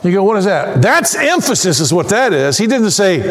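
A pastor speaks a little fast, with hardly any pauses, his high voice climbing again and again into shouted exclamations during an animated sermon. The sound carries a long reverb, suggesting a vast, echoing sanctuary.

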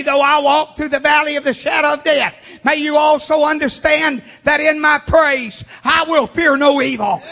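A man preaching a fervent sermon, swinging from hushed talk to shouting. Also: very high-pitched, gravelly. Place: church sanctuary. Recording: long church reverb.

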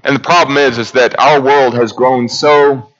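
A man's voice: steady tone, moderate pace, a bit bright. Earnest preacher man, lo-fi recording. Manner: earnest, rhetorical questions, swells high then drops low. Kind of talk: sermon. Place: church.

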